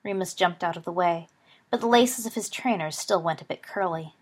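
A woman narrating a story in a steady, even reading voice. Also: lowish voice, brisk.

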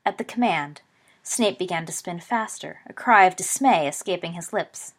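Woman narrator, storybook reading, expressive. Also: lowish voice, moderate pace.

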